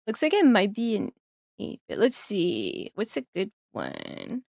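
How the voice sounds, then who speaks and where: A woman's voice: mid-range voice, huge pitch swings, unhurried, creaky, a little mellow, no echo, studio quality. A woman streamer chatting casually on a live stream, giggling often and rambling through plenty of fillers.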